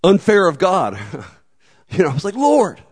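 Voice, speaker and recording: A man preaching a sermon in a relaxed, conversational way, with humor and acted asides. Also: a little high, normal speed. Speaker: pastor.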